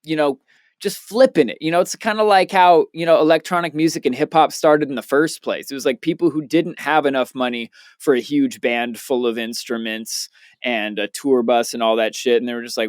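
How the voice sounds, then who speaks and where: A young man co-hosting a podcast in casual chat, telling stories loosely and excitedly with plenty of swearing. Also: mid-range voice, brisk, dry recording, studio quality. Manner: loose, profane, excitable storyteller. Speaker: podcast co-host, DJ.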